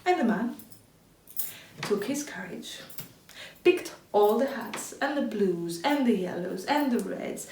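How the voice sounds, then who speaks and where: A woman telling a children's story in an animated, expressive way. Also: a little high, unhurried, slight background noise. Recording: echoey room, distant mic.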